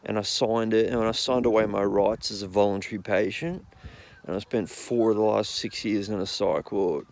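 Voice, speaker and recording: A man's voice: lowish voice, steady tone, normal speed, creaky, darkish tone. A young man with an Australian accent telling rambling, profane anecdotes in a blunt, casual way. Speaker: storyteller.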